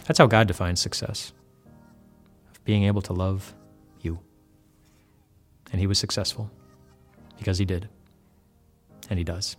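A man's voice: sits low, fairly even intonation, measured pace, long pauses. Conversational man retelling a Bible story. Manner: conversational, with frequent restarts and repeated words. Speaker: devotional host. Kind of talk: casual devotional Bible talk. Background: faint music.

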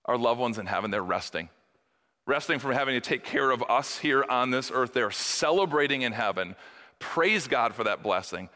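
Preaching man with bright, hall-echoing voice. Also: mid-range voice, expressive, moderate pace. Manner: earnest preaching, swings between soft and emphatic. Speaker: pastor. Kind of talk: sermon. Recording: long hall reverb.

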